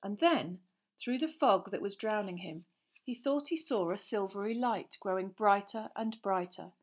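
A woman narrating a fantasy novel aloud with tense, expressive storytelling that builds suspense. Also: mid-range voice, moderate pace. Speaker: audiobook reader.

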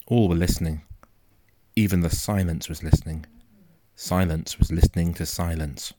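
A man narrating a first-person story in a quiet, measured, suspenseful way. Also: low voice, fairly even intonation, a little hiss or hum. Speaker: audiobook narrator.

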